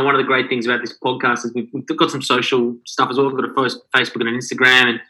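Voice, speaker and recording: A man's voice: medium pitch, bright, forceful tone, low-quality recording. A man co-hosting a podcast, talking in a rambling, earnest way with many fillers. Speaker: podcast co-host. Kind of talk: casual podcast chat.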